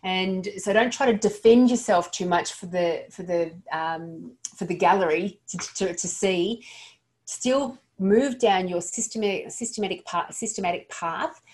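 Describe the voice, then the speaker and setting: A woman's voice: on the low side, a little slow, darkish tone. A woman giving an earnest, practical lesson to dental practice staff, sometimes stumbling and restarting her sentences. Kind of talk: instructional talk to dental staff.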